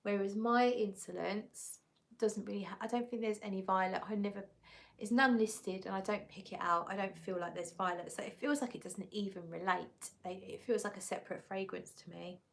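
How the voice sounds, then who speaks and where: A woman's voice: medium pitch, steady tone, moderate pace, vocal fry. Chatty woman hosting a livestream. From England. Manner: chatty, reads viewer comments aloud and answers them. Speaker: livestream host reviewing perfumes. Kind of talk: casual live chat.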